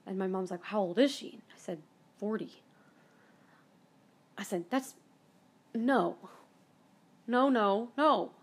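Woman, podcast host, mid-pitch, emotional storyteller who swears and repeats herself. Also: takes it slowly, long pauses, darkish tone, husky.

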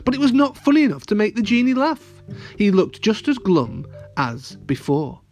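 A man's voice: high voice, normal speed, faint music behind. A man reading a children's audio story aloud, playful and talking to the kids directly. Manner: animated, playful, addresses children.

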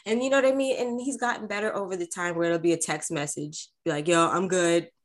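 A woman's voice: mid-range voice, fairly even intonation, fast. A woman in casual chat, telling a story animatedly and acting out quoted voices.

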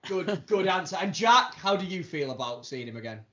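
Lively, high-voiced joking podcast host. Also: male voice, a little fast. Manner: teasing, showy announcer delivery. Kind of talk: comedy podcast banter. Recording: dull lo-fi sound.

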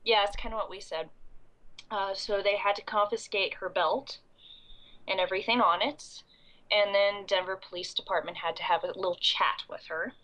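A woman's voice: medium pitch, sharp tone, poor audio. Congested woman with coughing fits. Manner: rambling with many ums and restarts. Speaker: convention goer recapping the event. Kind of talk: casual podcast chat.

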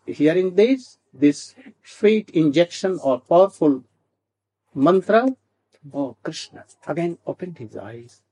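A man telling a devotional story slowly, with halting restarts and asides asking "hmm?". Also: a little high, lively intonation, warm tone, slightly rough.

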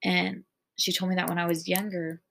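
A woman's voice: on the low side, level tone, normal speed, gravelly, a bit bright, slight background noise. A woman hosting a casual faith podcast, talking earnestly and rambling, with lots of "like". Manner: earnest, rambling, heavy use of "like". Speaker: podcast host.

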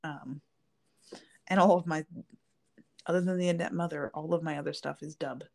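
A woman's voice: low voice, fairly even intonation, normal speed, vocal fry, darkish tone. A woman co-hosting a podcast, chatting casually and rambling with lots of fillers. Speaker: podcast co-host. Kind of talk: casual chat.

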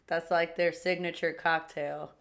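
A young American woman co-hosting a casual podcast, chatty and quick to laugh, often restarting her sentences. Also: on the low side, level tone, vocal fry, a bit bright. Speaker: podcast co-host. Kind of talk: casual chat.

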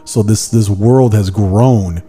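A man hosting a podcast, chatting casually and eagerly, piling on quick asides. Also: on the low side, warm tone, soft background music. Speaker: podcast host.

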